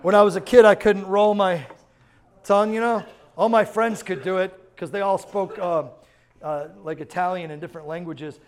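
A man preaching a sermon in an animated way, acting out quotes and laughing often. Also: high-pitched, moderate pace. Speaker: pastor.

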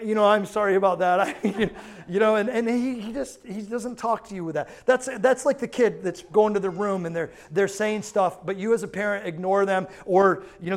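A man preaching a sermon in an animated way, acting out quotes and laughing often. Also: high-pitched. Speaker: pastor.

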